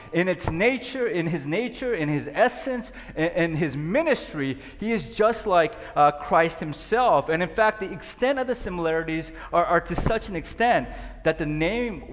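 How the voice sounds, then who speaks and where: A man's voice: fairly high pitch, big-room sound. A man preaching an earnest, conversational sermon, with frequent fillers and restarts. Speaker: pastor.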